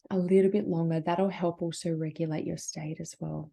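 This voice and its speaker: An Australian woman leading a breathing workshop as a yoga teacher, guiding gently and encouragingly in a casual, chatty way. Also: on the low side, fairly even intonation, moderate pace, vocal fry, few pauses. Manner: gentle, encouraging, casual filler-heavy guidance.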